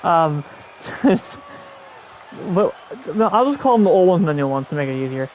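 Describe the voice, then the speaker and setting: A man's voice: a little high, big pitch swings, normal speed, a little mellow, slight background noise, low-quality recording. A man hosting a podcast, rambling through a casual wrestling recap with many restarts and repeated words. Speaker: podcast host.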